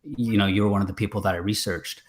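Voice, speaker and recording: A man's voice: on the low side, fairly even intonation, fast talker. A man, a filmmaker guest, chatting casually on a video call, rambling with many fillers and restarts. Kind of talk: casual interview chat.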